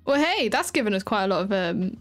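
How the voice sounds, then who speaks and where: A woman's voice: mid-range voice, sing-song, brisk, soft background music. A tired woman with a chatty, giggly, rambling manner, casually commenting on her gameplay as a streamer.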